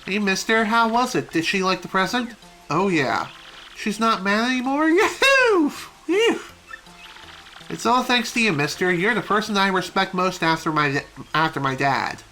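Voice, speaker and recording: A woman voicing an eager, polite little boy bomb creature from a video game, swinging between excited squeals and shy pleading. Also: medium pitch.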